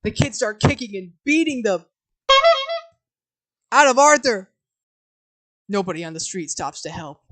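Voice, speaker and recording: A woman live-streaming herself reading a film script aloud, switching from flat reading of scene directions to flustered asides to her chat. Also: mid-range voice, measured pace, pauses often, faint music behind, low-quality recording.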